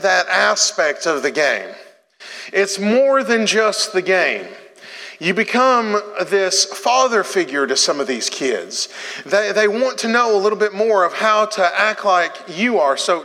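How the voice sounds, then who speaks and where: A man's voice: high voice, lively intonation, measured pace, sharp tone, long reverb tail. A man preaching a sermon to his congregation, joking and coaching people through a demonstration in a church sanctuary. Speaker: pastor.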